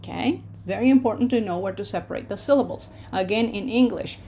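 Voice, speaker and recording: A woman teaching an online pronunciation lesson, patient and reassuring, slowing down to sound out words syllable by syllable. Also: medium pitch, warm tone, a little hiss or hum. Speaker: language teacher.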